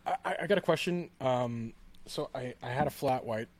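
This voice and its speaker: Male host, loose rambling chat, mid-pitched. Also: normal speed. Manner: rambling, many fillers and restarts. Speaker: podcast host. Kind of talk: casual chat.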